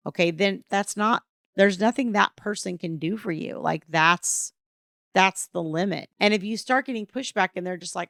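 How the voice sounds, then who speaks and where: A woman's voice: medium pitch, moderate pace, gravelly, a bit bright, no room sound, studio quality. A woman coaching parents through divorce, talking casually and acting out what people might say. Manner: casual, conversational, acts out quoted dialogue. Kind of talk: advice talk to camera.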